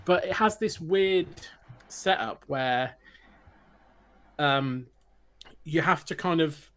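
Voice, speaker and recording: A man's voice: on the high side, takes it slowly, fairly bright tone. A man co-hosting a podcast and reviewing a game, explaining in long rambling runs with restarts and laughter. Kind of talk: casual chat.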